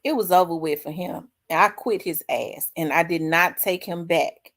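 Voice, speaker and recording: A middle-aged woman, hosting her own show and candidly telling a personal story, acting out the dialogue with big swings in her voice. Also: moderate pace. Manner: animated, acts out quoted dialogue with big pitch jumps. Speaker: host.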